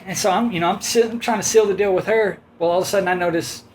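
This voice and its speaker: Casual male storyteller, slightly high voice, rambling and animated, faint room hum behind. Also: fast. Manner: rambling, animated anecdote with quoted voices and laughs. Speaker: host telling a story.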